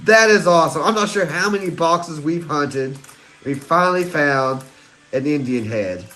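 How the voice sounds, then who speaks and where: A man, hosting a live stream and chatting excitedly with viewers. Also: a little high, normal speed. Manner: excitable, giddy, chats to viewers. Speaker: livestream host hunting coins. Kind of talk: casual live-stream chat.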